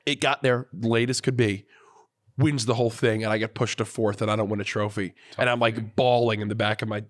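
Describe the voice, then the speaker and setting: Animated young man telling a story. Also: lowish voice, a little fast. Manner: animated storyteller, puts on voices for quotes. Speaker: podcast co-host. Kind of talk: casual podcast chat, storytelling.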